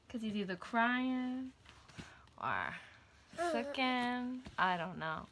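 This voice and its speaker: A woman's voice: fairly high pitch, expressive, slow pace, a bit bright, slight background noise. A woman reviewing snacks in a casual home vlog, chatting to her toddler between comments. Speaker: vlogger.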